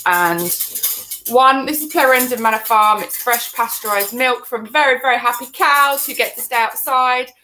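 A woman's voice: a little high, normal speed, bright, forceful tone, reverberant, soft background music. A woman, co-hosting a home cooking video in casual, rambling chat. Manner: chatty, giggly, rambling asides. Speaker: cooking show co-host. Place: home kitchen.

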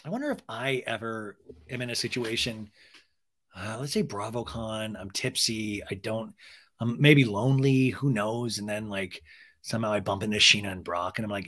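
A man hosting a podcast and recapping a reality TV reunion in a chatty, gossipy way, full of quick asides. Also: lowish voice, animated, fairly bright tone. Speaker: podcast host.

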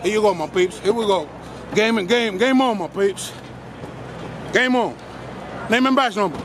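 A man's voice: high voice, normal speed. A man filming with a handheld camera outdoors, defiantly arguing and repeating himself. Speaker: camera-carrying auditor filming police. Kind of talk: confrontational street argument. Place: outdoors on a busy city street. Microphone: handheld camera mic. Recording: street noise on a camera mic. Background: traffic and street noise.

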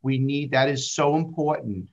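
A man's voice: mid-range voice, normal speed. A man, a state senator, speaking earnestly and rambling a little on a panel video call. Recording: dull lo-fi call audio.

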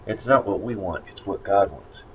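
A man teaches a casual Bible lesson, rambling conversationally and using many fillers. His lowish voice is expressive and moves at a moderate pace, captured in a dull lo-fi recording with faint noise.

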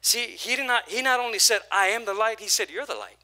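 A man preaching a sermon as pastor, energetic, with repeated phrases and call-and-response, his voice prone to going hoarse. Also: sits high, a little fast.

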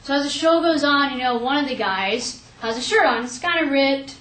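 Young woman, lively storyteller, higher voice, recorded in a roomy space. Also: normal speed, far from the mic. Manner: lively, animated retelling with quoted asides. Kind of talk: personal storytelling. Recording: echoey room, faint ambience.

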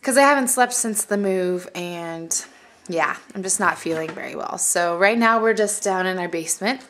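A young adult woman chatting casually for a home vlog, often soft and hushed, tired and a bit unwell. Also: fairly low pitch, moderate pace, slight background noise. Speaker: mom vlogger. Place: family home, basement playroom.

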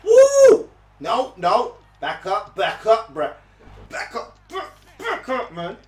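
A young man reacting loudly while playing a fighting game, yelping and bantering in slang. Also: sits high, big pitch swings, slow pace. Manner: yelps and slangy banter with the officials. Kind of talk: excitable live gameplay reactions. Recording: echoey room, off-mic, game music.

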